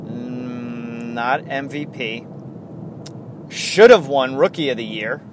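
A man with a New York accent hosting a casual solo sports podcast, rambling and excitable, laughing often. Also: mid-range voice, takes it slowly, heavy background noise. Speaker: podcast host.

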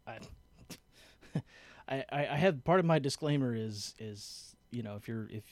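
Easygoing halting man hosting a podcast. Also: medium pitch, expressive, no echo. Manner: easygoing, halting, many fillers. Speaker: podcast host. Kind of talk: casual chat.

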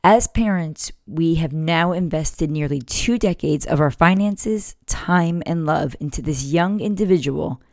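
A woman in her forties who hosts a parenting podcast shares a personal story in a candid, warm, heartfelt monologue. Her low voice moves unhurriedly with few pauses. The close microphone keeps the sound dry, with no room sound at all.

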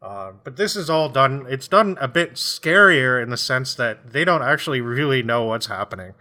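Bright-voiced man rambling about a book. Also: medium pitch, lively intonation, moderate pace. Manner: rambling, laughs often, acts out voices. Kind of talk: casual chat.

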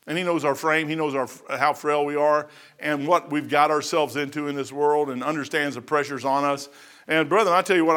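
A middle-aged man preaches in a folksy, animated way. His voice sits slightly high and sounds bright and forceful, and he climbs to emphatic peaks as he drives his points home. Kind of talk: sermon.

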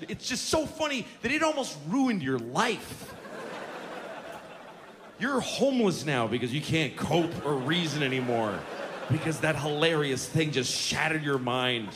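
A man's voice: a little high, background noise. A man doing a profane, ranting stand-up comedy set on a theater stage, mocking how people talk. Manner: profane, ranting, mocking impressions of dull speakers. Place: large theater stage with live audience. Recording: live concert recording with audience laughter.

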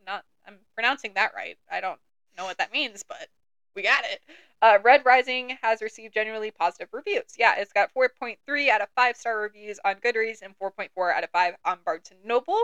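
A woman's voice: on the high side, brisk, a bit bright, clear, resonant tone, no room sound. A young woman co-hosting a book podcast, chatty and joking, laughing often. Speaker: podcast co-host. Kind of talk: casual chat about books.

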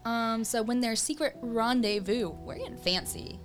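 A woman co-hosting a casual true-crime podcast, chatting as she reads out case facts with quick asides. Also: fairly high pitch, animated, music in the background. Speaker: podcast co-host.

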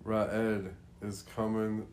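A man's voice: fairly low pitch, monotone, drawn-out words, a little mellow. A man co-hosting a podcast in casual chat, dry and teasing as he introduces songs. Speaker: podcast co-host. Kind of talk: casual music reaction chat.

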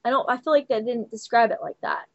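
Quick, high-voiced hesitant woman. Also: dry recording. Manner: hesitant, second-guessing herself. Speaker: podcast co-host. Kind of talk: casual chat. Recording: dry, dull lo-fi audio.

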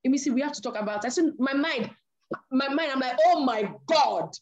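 A woman's voice: high voice, fairly quick, lo-fi sound. A woman preaching a sermon, telling a story from her own marriage and acting out the voices in it. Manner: animated storyteller acting out dialogue.

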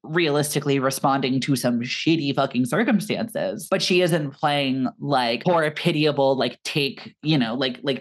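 Young adult, podcast co-host, casual film talk, animated, opinionated, swears. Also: medium pitch, a little slow, hardly any pauses.

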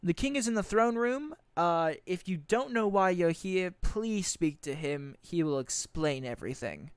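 A man doing a brisk royal guard captain. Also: sits high, animated, smooth, no echo. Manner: hesitant, polite, hurried orders.

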